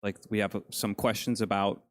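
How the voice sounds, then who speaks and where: A man's voice: on the low side, flat delivery, normal speed. A man co-hosting a casual film podcast, jokey and enthusiastic, often laughing. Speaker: podcast co-host.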